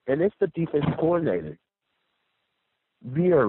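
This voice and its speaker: A man's voice: lowish voice, big pitch swings, a little slow, pauses often, breathy edge, no echo. A man calling into a radio show, sick and ranting angrily, repeating himself. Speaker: caller. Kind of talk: phone-in rant. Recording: tinny phone line.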